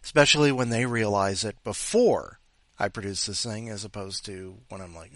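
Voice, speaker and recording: A man's voice: mid-range voice, sing-song, unhurried, no room sound, studio quality. A man hosting a podcast, chatting casually and rambling playfully. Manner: rambling, playful, talks to his cat. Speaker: podcast host. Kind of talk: casual chat.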